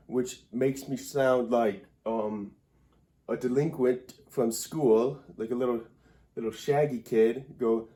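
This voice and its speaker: A man's voice: mid-range voice, fairly even intonation, slow pace, warm tone. A man giving a comedic grammar lesson at a whiteboard indoors, rambling and wry in a mock-serious way.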